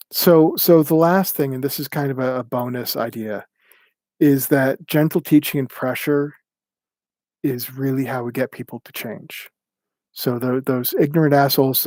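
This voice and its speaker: A man teaching a livestreamed class in a plainspoken, halting manner, often restarting his sentences. His voice sits at an ordinary middle pitch. The sound is dry and close, with no room echo. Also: a little mellow. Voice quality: halting, many restarts and ums. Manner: plainspoken, acts out quoted remarks with raised pitch. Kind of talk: livestreamed talk.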